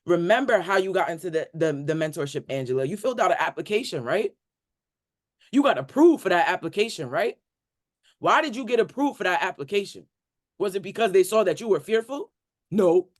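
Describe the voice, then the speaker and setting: A man with a notably high-pitched voice talks to a group coaching call. His speech is casual and slangy. He drives home his points with emphatic repetition and rhetorical questions, like a motivational preacher. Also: expressive, fairly quick. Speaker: community member on a coaching call.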